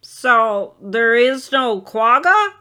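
Little male quoll, squeaky and high, impatient, voiced by a woman. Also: expressive, extremely slow, pushed and bright, exaggerated voice. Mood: puzzled. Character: small excitable male quoll.

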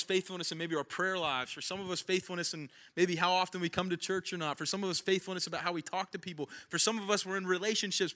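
A man's voice: high voice, bright, forceful tone. A young man preaching a sermon in a casual, conversational way, repeating phrases for emphasis. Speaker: pastor.

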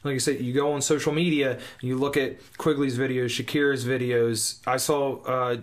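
A man's voice: medium pitch, level tone, normal speed. A man co-hosting a podcast, talking frankly in casual chat and swearing freely. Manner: frank, swears freely, restarts his sentences. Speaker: podcast co-host.

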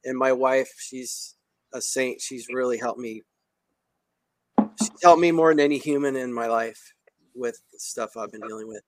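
A man hosting a podcast, talking in a casual, emphatic and excitable way with slang. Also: mid-range voice, normal speed, long pauses. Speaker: podcast host.

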